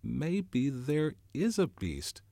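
A man's voice: mid-range voice, big pitch swings, a little mellow, dry recording, voice pushed up. A man reading aloud and voicing a shy, hesitant boy who struggles to put his thoughts into words. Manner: halting, hesitant delivery.

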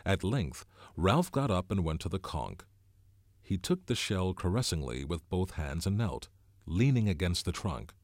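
This is an audiobook narrator, a man reading a novel as scripted narration in a measured, expressive storytelling style. His voice is deep, and the recording is dry with clean studio sound.

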